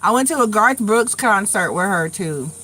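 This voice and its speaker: A middle-aged woman from New York runs a live tarot stream in loose, casual conversation, her medium-pitched voice animated and sharp at a moderate pace. She spins stories bluntly, swearing now and then and repeating herself.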